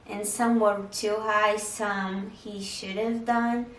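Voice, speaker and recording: A woman's voice: mid-range voice, little pitch movement, slow, a bit bright, reverberant, recorded from a distance, slight background noise, poor audio. A young woman chatting candidly to camera, answering viewer questions about motherhood and marriage. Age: young adult. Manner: candid, chatty, with frequent "like" fillers. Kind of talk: casual Q&A chat.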